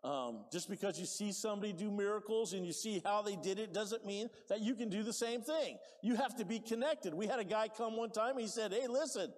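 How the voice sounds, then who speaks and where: A man preaching a sermon with lively swings from quiet to loud, asking for amens. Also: high-pitched, brisk, hardly any pauses, in a large hall.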